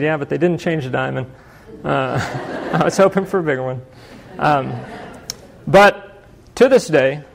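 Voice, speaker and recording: Man, middle-aged, high voice, sermon, chatty storyteller, chuckling. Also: gravelly. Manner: conversational, self-deprecating, chuckles often. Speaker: pastor.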